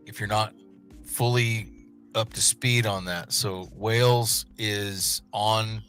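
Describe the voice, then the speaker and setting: A man's voice: on the low side, fairly even intonation, slow, a bit bright, faint music behind. A young man, co-hosting a casual chat show and telling a story with lots of restarts. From West Texas. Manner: rambling storyteller, many restarts. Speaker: podcast co-host.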